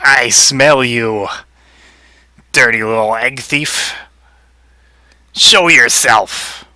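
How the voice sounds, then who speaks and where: A threatening male rabbit , as a man puts him on, sniffs out egg thieves in a slow, drawn-out voice. His tone is bright and cutting. The recording is dry and close. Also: mid-range voice, no room sound, exaggerated voice. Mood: menacing. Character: menacing male rabbit hunting stolen eggs.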